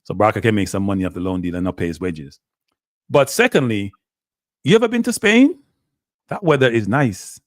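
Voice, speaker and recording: A man hosting a casual football talk show, asking animated rhetorical questions and talking with Jamaican-tinged phrasing. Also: fairly low pitch, a little fast, no room sound, clean studio sound. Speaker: show host.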